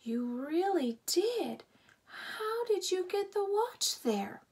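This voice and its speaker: A woman's voice: very high-pitched, sing-song, takes it slowly, darkish tone, pitched above the performer's own voice, exaggerated voice. A woman voicing a kindly but doubtful teenage boy, speaking hesitantly with wonder, in a storybook reading.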